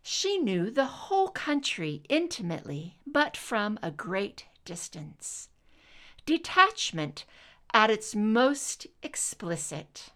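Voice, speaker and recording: A woman reading a story aloud as narrator, in an expressive, unhurried way. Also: medium pitch. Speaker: reader.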